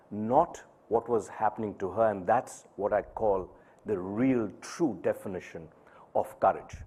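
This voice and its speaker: Measured man telling a personal story. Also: mid-range voice, a little mellow. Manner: measured, pausing for emphasis. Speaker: speaker at an event.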